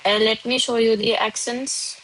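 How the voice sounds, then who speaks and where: A woman's voice: fairly high pitch, fairly even intonation, normal speed, fairly bright tone, slight background noise, poor audio. A woman, not a native French speaker, teaching a live online French class. She switches between English and French and calls on students by name from the chat.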